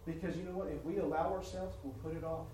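A man preaching a sermon, rising in volume and pitch as he presses his points and often repeating words. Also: steady tone, quick pace, mellow, slight background noise. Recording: roomy church sound from a distant mic.

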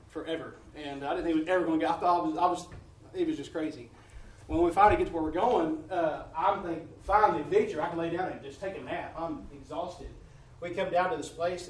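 A man preaching a testimony sermon in a church, telling his story in an animated way and laughing along the way. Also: fairly high pitch, a little hiss or hum. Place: church sanctuary. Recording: roomy church audio from a distance.

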